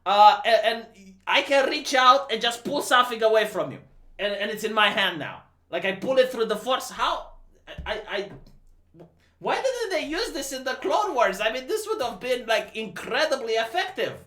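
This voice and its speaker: A man's voice: very high voice, big pitch swings, moderate pace, bright, forceful tone. A man from Romania hosting a livestream, ranting casually about a movie in an incredulous, profane manner. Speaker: livestream host. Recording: roomy echo.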